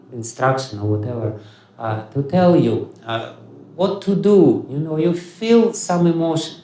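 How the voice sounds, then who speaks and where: Russian-accented male teacher, high-ish voice, halting lecture, roomy echo. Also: dark tone. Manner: halting, many fillers and restarts. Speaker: spiritual teacher. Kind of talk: lecture on scripture. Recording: echoey hall.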